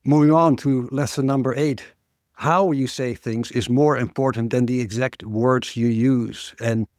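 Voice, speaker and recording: A man's voice: medium pitch, darkish tone, no room sound, studio quality. A man hosting a podcast interview who sums up his guest's points in a thoughtful, searching way. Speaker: podcast host.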